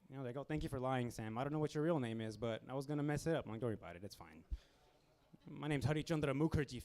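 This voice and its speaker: A young man hosting a stand-up comedy show in a small club, talking casually with deadpan asides and acting out customers. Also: medium pitch, clear, resonant tone.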